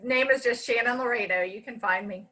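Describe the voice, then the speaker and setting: Bright-voiced laughing woman guest. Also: a little high, fairly quick, low-quality recording. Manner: laughing, self-deprecating. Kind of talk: casual chat on a live online show.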